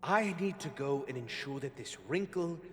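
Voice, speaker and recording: A man voicing a cruel male villain who shouts threats at his underlings. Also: medium pitch, animated, moderate pace, long reverb tail, voice pushed up, close to an everyday voice. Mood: menacing. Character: furious cruel male villain leader, menacing.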